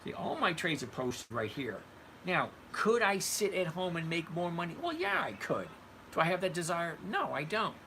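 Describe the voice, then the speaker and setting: A man's voice: on the high side, animated, moderate pace, pushed and bright, slight background noise, rough recording. An older retired man hosting a casual livestream, answering viewers by name in a blunt, conversational way. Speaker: host reading live chat. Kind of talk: casual livestream chat about trading.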